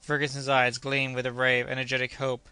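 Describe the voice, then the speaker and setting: A man narrating an adventure audiobook in a measured, steady reading. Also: mid-range voice, clean tone, no room sound.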